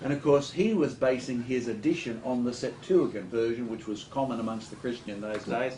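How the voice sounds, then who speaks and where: A man speaking as a talk-show guest, lecturing in an animated storytelling way with joking asides. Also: mid-range voice, fairly quick, echoey room, a little hiss or hum, poor audio. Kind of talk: studio talk show discussion.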